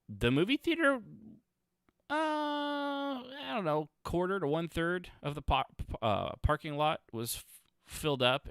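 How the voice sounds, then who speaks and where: A man's voice: mid-range voice, creaky, fairly bright tone, clear, resonant tone, no echo, clean studio sound. A man hosting a casual gaming podcast, rambling and sarcastic, often breaking off mid-sentence. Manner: rambling, sarcastic, self-interrupting. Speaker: podcast host.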